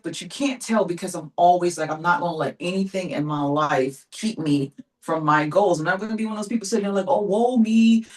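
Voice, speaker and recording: A woman's voice: fairly low pitch, low-quality recording. A woman in her forties, speaking in a determined, emphatic way, full of casual fillers, in an interview. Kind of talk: casual motivational talk.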